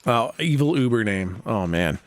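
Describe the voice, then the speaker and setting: A man's voice: medium pitch, expressive, normal speed, soft background music. A tired man narrating as game master of a tabletop game, rambling with lots of fillers and casual swearing.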